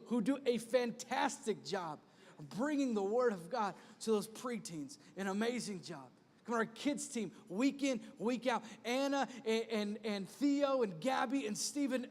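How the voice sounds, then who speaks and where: A man in his thirties, a pastor preaching an animated sermon with punchy repeated refrains. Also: very high voice. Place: church sanctuary. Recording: long reverb of a church hall.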